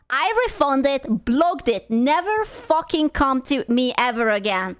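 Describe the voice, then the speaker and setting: A woman's voice: sits high, animated, measured pace. A young woman streamer in casual chat, blunt and profane as she rants to her viewers.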